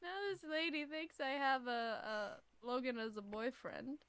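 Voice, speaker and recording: A woman's voice: sits high, measured pace, a bit bright, clean tone, no room sound. A young woman co-hosting a podcast in casual chat, swearing, laughing and mocking herself. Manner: swearing, laughing, jokey self-mockery. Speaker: podcast co-host.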